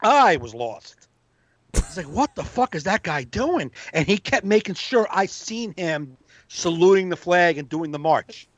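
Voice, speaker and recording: A man, a comedian hosting a podcast, telling a profane, animated story in casual banter. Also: high-pitched, a little slow, dry recording, dull audio. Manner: animated storyteller, profane, acts out quoted voices.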